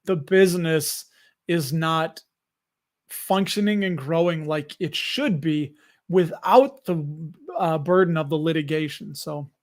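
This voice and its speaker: A man's voice: fairly high pitch, takes it slowly. A man with a Chicago accent hosting a live investing stream, chatting casually, joking and laughing often as he reads comments.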